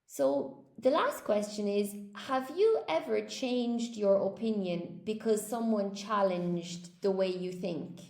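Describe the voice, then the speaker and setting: A woman's voice: mid-range voice, expressive, takes it slowly, hardly any pauses, a little mellow, roomy sound. A woman teaching English on a live stream, chatting with viewers and cheering them on in an upbeat way. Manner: upbeat, encouraging, reads chat aloud.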